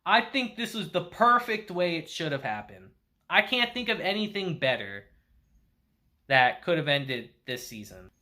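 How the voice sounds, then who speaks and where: A man's voice: on the high side, big pitch swings, unhurried, pushed and bright. A young man reviewing anime in a casual, chatty way, laughing often and swearing now and then.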